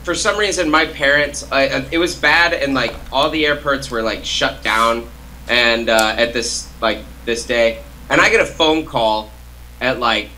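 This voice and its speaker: Young male co-host, bright tone, rambling storyteller full of fillers. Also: medium pitch, measured pace, slight background noise, poor audio. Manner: rambling, heavy use of "like" and "uh" fillers. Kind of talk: casual chat, storytelling.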